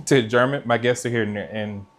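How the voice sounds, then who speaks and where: A chatty man hosts a live cooking stream from his kitchen, talking straight to viewers and reading out their comments in casual conversation as he cooks. His mid-range voice moves a little slowly, picked up by a noise-cancelling mic.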